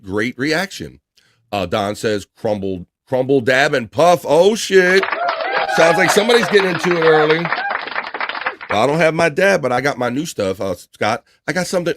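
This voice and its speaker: A man's voice: medium pitch, fairly bright tone, no echo. Man, livestream host, casual chat, reads messages aloud, loose and chatty, dry close sound.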